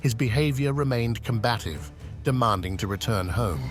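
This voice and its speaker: Guy doing calm scripted narration, mid pitch, music underneath. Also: normal speed. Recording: voice-over with music behind.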